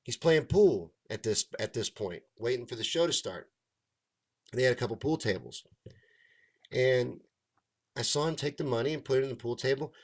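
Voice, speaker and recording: Profane, animated man telling a story. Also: medium pitch, moderate pace, pauses often. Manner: profane, animated, acts out others' lines. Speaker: stand-up comedian and show host. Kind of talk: casual storytelling rant.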